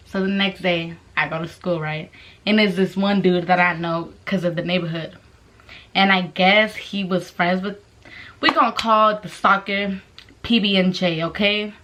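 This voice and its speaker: A young woman telling a story casually to the camera, swearing constantly and acting out voices with animated energy. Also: medium pitch. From Mexican-American. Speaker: vlogger.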